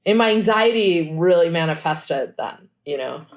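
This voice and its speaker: A woman musician telling stories in a casual podcast interview, lively and chatty, acting out what people said. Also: on the low side. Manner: animated storytelling, acts out quotes; fast and chatty, frequent "like". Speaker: musician guest.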